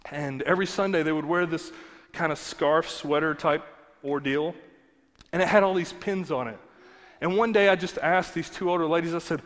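Preaching in a church sanctuary, this pastor has a voice on the high side, a bit bright, at a moderate pace. He speaks earnestly and conversationally, repeating points for emphasis, while long hall reverb and faint music fill the recording.

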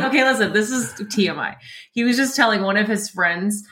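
A woman guest in a casual interview, talking in an animated way and often laughing as she explains. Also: mid-range voice, fairly quick, reverberant.

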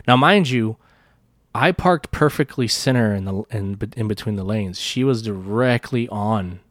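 Man, podcast host, lowish voice, rambling storytelling, profane, dry close sound. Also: no room sound. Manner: rambling, profane, many restarts. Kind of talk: casual storytelling monologue.

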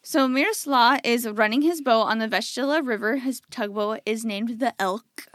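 Young female podcast host, fairly high-pitched, casually retelling a crime case in a dry, close sound. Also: moderate pace, a bit bright, no echo. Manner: chatty, acts out people in quotes, lots of "like". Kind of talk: casual true-crime chat.

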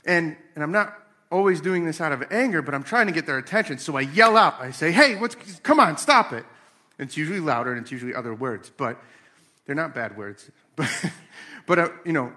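Bright-voiced man in his thirties. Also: fairly high pitch. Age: 30s. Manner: animated storytelling with acted-out voices. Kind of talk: casual faith talk.

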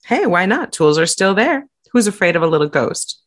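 A woman's voice: medium pitch, very animated, moderate pace. A woman co-hosting a podcast, reacting enthusiastically with jokes in casual chat. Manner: enthusiastic, reacts with whoops and quips. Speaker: podcast co-host.

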